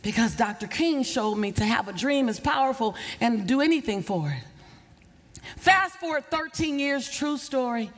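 A woman's voice: fairly high pitch, lively intonation, moderate pace. Woman motivational speaker telling a story to a crowd, fired up, repeats herself for effect, long hall echo. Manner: passionate storyteller, repeats key phrases for emphasis. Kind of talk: motivational speech to a live audience. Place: stage before a live audience. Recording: long reverb of a large hall.

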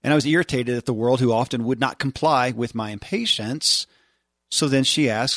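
A man's voice: medium pitch, normal speed, a bit bright, no echo, studio quality. A middle-aged man hosting a podcast, speaking in an earnest, reflective monologue and addressing listeners as folks. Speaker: podcast host.

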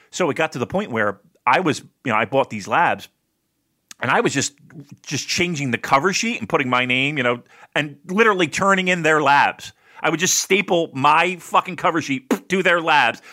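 A man from New Jersey co-hosting a podcast, telling stories in a swearing, laugh-filled, casual way. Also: fairly high pitch. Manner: animated, swearing, storytelling, laughing often. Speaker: podcast host.

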